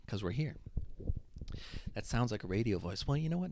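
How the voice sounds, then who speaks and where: A young man hosting a livestream podcast from his apartment, talking loudly and casually with lots of fillers, his voice tired after long streams. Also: on the low side, animated, a little fast, no room sound. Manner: loud, chatty, lots of fillers. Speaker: streamer host. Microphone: wearing noise-canceling headphones.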